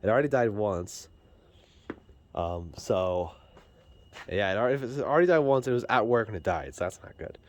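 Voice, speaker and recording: Filming on a handheld phone in his garage, a man chats while he works on a car, rambling and poking fun at himself. He's a vlogger with a lowish, expressive voice at normal speed, and he leaves long pauses.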